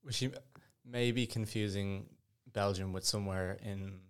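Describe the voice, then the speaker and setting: A man's voice: fairly low pitch, fairly even intonation, a little slow, smooth. A young man with an Irish accent, co-hosting a podcast in casual, joking chat and swearing freely. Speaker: podcast co-host.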